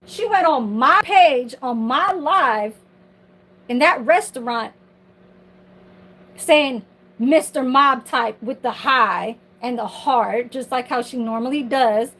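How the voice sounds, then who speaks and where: A high-pitched woman with a husky, breathy edge, talking slowly on her own livestream. She rants at home, heated and profane, wandering from point to point. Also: a bit bright, poor audio. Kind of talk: casual livestream rant.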